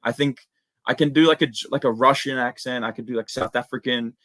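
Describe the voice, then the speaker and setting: A young Australian man chatting casually as an interview guest, slangy and relaxed, full of "dude" and "man". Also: medium pitch, fairly quick, dry recording. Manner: laid-back, slangy, lots of "dude" and "man". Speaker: guest, MMA impressionist.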